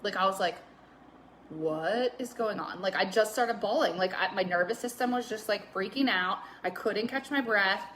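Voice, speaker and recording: A woman's voice: mid-range voice, brisk, few pauses, fairly bright tone. A young woman talking candidly on a live stream, rambling with lots of filler words and some swearing. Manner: reads out viewer comments. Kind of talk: casual Facebook Live chat.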